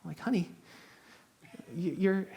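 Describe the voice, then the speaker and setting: A man in his thirties, a pastor preaching a sermon in a conversational, humorous way, telling stories and dropping to a hush at tense moments. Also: sits high, unhurried, vocal fry, husky. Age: 30s. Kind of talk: sermon with storytelling. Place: church.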